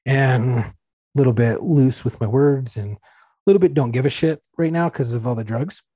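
A man's voice: medium pitch, moderate pace, dark tone, slightly rough, no room sound, studio quality. A man co-hosting a podcast, telling crude, joking anecdotes in casual chat.

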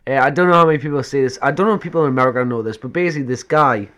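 A man co-hosting a podcast, telling a story in casual chat, animated, swearing and laughing often. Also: mid-range voice, rapid-fire. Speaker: podcast co-host.

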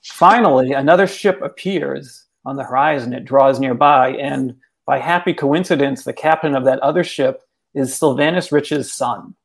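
A man, an author and guest, telling a folk tale in casual conversation, animated and full of "like.". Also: mid-range voice, normal speed, creaky, slightly rough. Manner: animated, casual, many fillers like "like". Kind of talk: storytelling in conversation.

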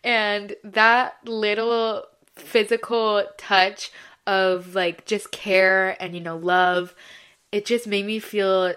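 A woman's voice: mid-range voice, steady tone, takes it slowly, fairly bright tone, clean tone. A young woman hosting her own podcast, talking in a casual, effusive way with lots of "like" and "you know" fillers. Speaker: podcast host. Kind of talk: casual solo podcast chat.

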